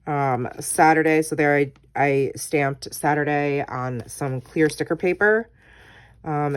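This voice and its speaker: A woman vlogger casually walking through her scrapbook pages, chatty and full of ums, reading her own journaling aloud. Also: sits low. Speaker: crafting vlogger.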